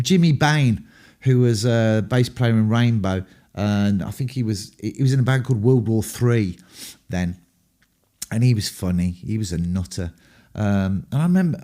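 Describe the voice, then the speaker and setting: A mellow, warm-toned man with an English accent tells candid anecdotes from his rock-and-roll days. He rambles, swears freely and fills his pauses with ums. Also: medium pitch. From England. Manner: rambling, profane, full of ums. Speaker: rock band frontman.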